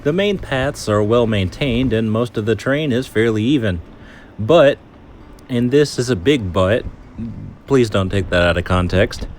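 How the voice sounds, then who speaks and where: A man's voice: fairly low pitch, slight background noise. A man hosting a hiking vlog outdoors, chatty and joking, out of breath as he narrates. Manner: chatty, joking, explains his muscles in plain terms. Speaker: vlog host. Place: outdoor park trail.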